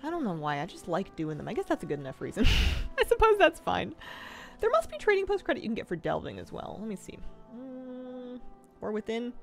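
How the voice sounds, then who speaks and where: Giggly, lively-voiced woman streamer. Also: a little high, fairly quick, gravelly, soft background music. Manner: chatty, giggly, rambling asides. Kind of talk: casual gaming stream chat.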